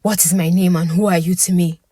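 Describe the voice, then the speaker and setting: A woman voicing a young male friend high on drugs, erratic, pleading and menacing by turns. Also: fairly even intonation, a little fast, warm tone, slightly rough, no echo. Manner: pleading then ferocious, shaky.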